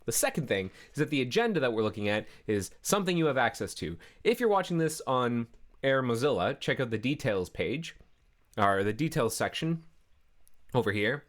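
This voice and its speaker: A Canadian man hosting a live coding stream at his desk mic, his pitch sitting right in the middle of a man's range. He rambles along in an easy, relaxed way and keeps restarting his sentences. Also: normal speed. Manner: rambling, self-correcting, easygoing. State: chewing a carrot. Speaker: livestream coding host. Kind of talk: casual live-stream chat.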